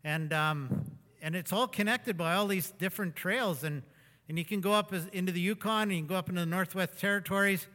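Man, high bright voice, folksy rambling sermon storyteller, long hall reverb. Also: fairly quick. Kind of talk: anecdotal sermon talk.

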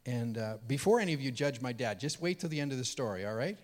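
Guy preaching a sermon, middle-pitched voice, goes quiet then way up loud when it gets emotional, big echoey hall. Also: lively intonation, fast talker. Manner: earnest, swings from hushed to loud and high when moved. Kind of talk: sermon storytelling. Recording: reverberant hall.

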